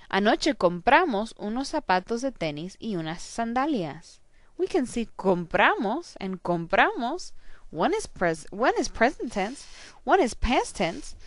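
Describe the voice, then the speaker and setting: A woman teacher giving a recorded grammar lesson, slowly and carefully saying each verb ending aloud. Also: fairly high pitch, dry recording. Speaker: Spanish teacher.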